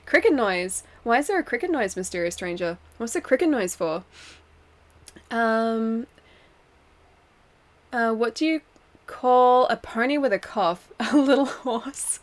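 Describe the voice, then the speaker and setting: A young woman talks her way through a video game live, answering viewers in an easy, chatty flow and laughing often. Her voice sits a touch higher than most. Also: lively intonation, takes it slowly, long pauses. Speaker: game streamer. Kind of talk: casual live-stream commentary while playing.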